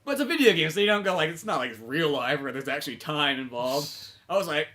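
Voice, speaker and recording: A man's voice: on the high side, big pitch swings, fast talker, bright, forceful tone. A man co-hosting a comedy podcast, chatting loosely about video games, rambling and swearing and acting out bits. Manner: rambling, profane, acts out bits in silly voices. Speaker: podcast co-host.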